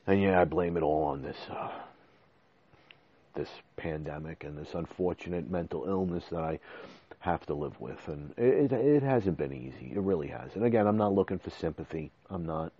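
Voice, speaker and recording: With an expressive, low voice at a moderate pace, a man in his forties hosts a podcast. He talks to his listeners in a casual monologue that's emotional and rambling, with restarted words, recorded on a desk microphone with dull audio.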